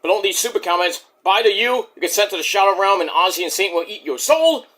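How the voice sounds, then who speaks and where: A man's voice: sits high, animated, fast talker, pushed and bright. A man giving a brash, boastful, rambling spiel to open his own channel's video. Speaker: YouTuber.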